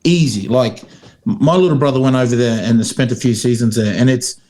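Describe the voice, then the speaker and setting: A man co-hosting a rugby podcast chats casually, telling rambling stories with many fillers and restarts and acting out quotes. His mid-range voice is warm in tone and runs a little fast.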